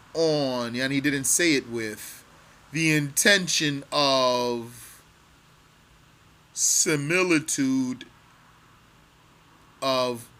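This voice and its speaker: Slow, bright-voiced male religious teacher. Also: fairly high pitch. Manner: reads Arabic then translates word by word; slow and deliberate, repeating phrases. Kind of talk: line-by-line text lesson.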